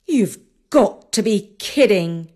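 A woman's voice: mid-range voice, lively intonation, slow, dark tone. A woman voicing an earnest, loyal young prince in a storybook reading, speaking plainly and sincerely.

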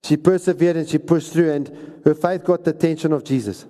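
A man's voice: fairly high pitch, fairly even intonation, a little fast, mellow. A man preaching a sermon, exhorting and repeating lines for emphasis. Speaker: pastor. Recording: reverberant hall recording.

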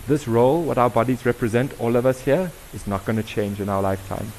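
A South African man facilitating a workshop, talking with an audience in a lively, conversational way and asking them questions. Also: mid-range voice, fast talker, slight background noise, rough recording. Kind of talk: interactive talk to an audience.

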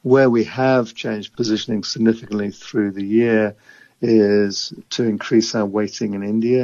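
A man who invests in emerging market equities, answering interview questions in a measured, analytical way. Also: lowish voice, vocal fry, a little mellow, no room sound, dull audio.

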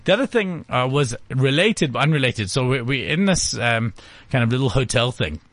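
A man's voice: medium pitch, expressive, moderate pace, a bit bright, dry recording. Brief: middle-aged man, blunt opinionated co-host, dry close mic. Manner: blunt, ranting, acts out quotes. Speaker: podcast co-host. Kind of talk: casual chat.

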